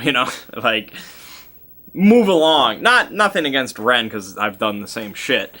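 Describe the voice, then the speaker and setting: A man's voice: mid-range voice, very animated, slow pace, long pauses, sharp tone. A man casually recapping a tabletop game session, rambling, with many fillers and chuckling asides.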